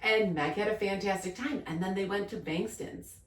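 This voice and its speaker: A woman's voice: mid-range voice, normal speed, echoey room, far from the mic. A woman co-hosting a casual podcast, telling stories in a chatty way and acting out the quotes. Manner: chatty storyteller, acts out quotes with laughter. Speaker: podcast co-host. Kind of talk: casual chat.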